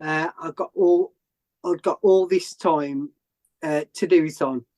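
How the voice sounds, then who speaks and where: A man's voice: on the high side, steady tone, measured pace, a little mellow. A man talks through a story as a podcast guest. His delivery is casual and rambling, full of fillers and restarts. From England. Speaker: interview guest.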